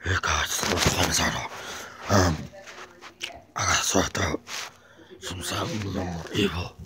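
A woman voicing a gruff, low-voiced vlogger with a sore throat, drawling and hesitant. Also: fairly even intonation, a little slow. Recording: loud background noise.

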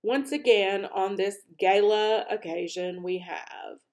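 Storybook king: self-important, loud proclaimer, voiced by a woman reader, slow and grand. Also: mid-range voice, close to an everyday voice. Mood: commanding. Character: commanding male king, blustering and self-important.

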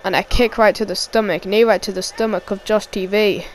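A woman giving excited amateur play-by-play wrestling commentary, repeating each call and shouting at the big moves. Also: mid-range voice, a little fast, slight background noise, rough recording.

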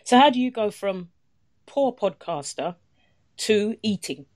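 A woman hosting a podcast interview, playful and chatty with quick stumbling restarts. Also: mid-range voice, expressive, a little mellow. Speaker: podcast host. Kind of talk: casual interview chat.

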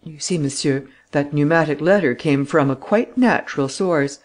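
A man's voice: a little high, normal speed, close to an everyday voice. Male reader as jittery aristocrat: defensive, blustering, anxious. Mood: uneasy. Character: anxious aristocratic official, evasive and frightened.

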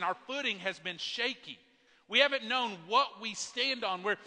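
A man's voice: sits high, pushed and bright. A male pastor preaching an earnest, emphatic sermon to his congregation, often restarting his words. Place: large church worship center. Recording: long hall reverb.

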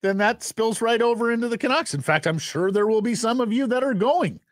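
A man from Ontario co-hosting a sports radio show, chatting briskly and telling wry stories. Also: very high voice, dry recording. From Ontario, Canada. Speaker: radio co-host.

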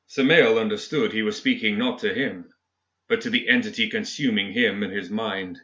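A man narrating a dark fantasy story in a steady, dramatic storytelling manner. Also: fairly low pitch, normal speed. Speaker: audiobook reader. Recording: dull lo-fi recording.

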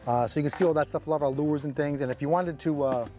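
Fast-talking New York man, joking. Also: fairly high pitch, mellow, soft background music. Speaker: co-host of a fishing channel. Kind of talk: casual chat while cooking. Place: outdoors on a small boat.

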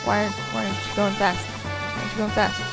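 A woman's voice: medium pitch, little pitch movement, fast, creaky, loud music behind the voice, low-quality recording. A woman casually commentating while playing a video game, sarcastic and sweary. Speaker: gamer. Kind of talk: let's play commentary.

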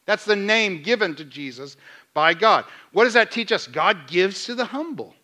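A man preaching a sermon as pastor, asking the congregation questions and retelling scenes in lively dialogue. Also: high voice, moderate pace. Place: church sanctuary.

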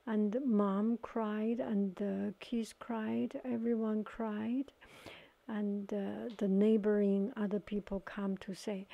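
Slow, gravelly soft-spoken woman. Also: medium pitch, level tone, muffled recording. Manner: halting, searching for words; partly whispered. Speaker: watercolor ASMR artist. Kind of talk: soft-spoken ASMR storytelling.

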